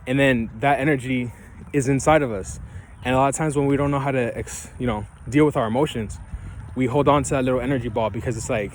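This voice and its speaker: A man's voice: medium pitch, fairly even intonation, fast, a little hiss or hum. Rambling man vlogging outdoors. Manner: loose and rambling, keeps asking "right?" and "you feel me?". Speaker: vlogger giving life advice. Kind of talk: casual motivational talk to camera. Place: outdoors, ground with leaves.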